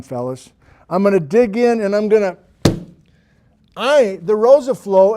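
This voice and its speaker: A man's voice: sits high, a little mellow. A man lecturing in the voice of a boastful, powerful lava flow, talking brashly in first person. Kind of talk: lecture role-play of a rock.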